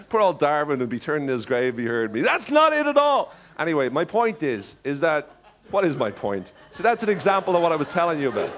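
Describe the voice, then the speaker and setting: A man with a fairly high voice speaks at a seminar and tells a story in a playful, animated way. He acts out little voices and breaks off into jokey asides while keeping the audience with him. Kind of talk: live seminar talk.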